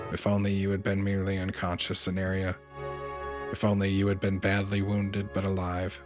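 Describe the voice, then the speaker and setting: A man hosting a game playthrough, reading the story text aloud in an earnest way, sometimes stumbling over a word and adding a quick aside. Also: low-pitched, fairly bright tone. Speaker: let's play host.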